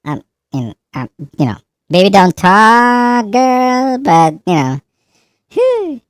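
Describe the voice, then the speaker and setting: A man's voice: high-pitched, wildly swooping pitch, slow, clean tone, no echo, pitched above the performer's own voice, full character voice. A man talking through a female voice-changer preset, playful and joking as he tests it. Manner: playful, laughing, trying out the effect.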